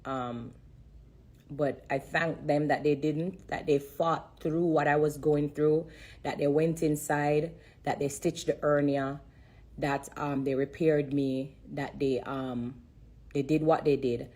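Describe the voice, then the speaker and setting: A woman's voice: low-pitched, level tone, unhurried, a little mellow. A woman giving an earnest, emotional testimony on a phone live stream, repeating herself and holding back tears. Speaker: livestreamer sharing a testimony. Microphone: phone on a social-media live.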